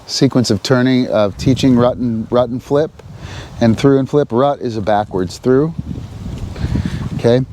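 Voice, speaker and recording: A man's voice: mid-range voice, measured pace, pauses often, warm tone, slight background noise. A man explaining dog training step by step while giving his dog short cues and praise. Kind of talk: hands-on training demonstration.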